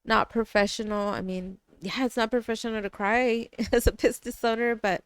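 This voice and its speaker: A woman with a fairly high, steady, clear and resonant voice speaks at normal speed on a dry recording. She's a guest artist and business owner on a casual podcast, telling stories chattily, laughing often, and slipping into Spanish phrases.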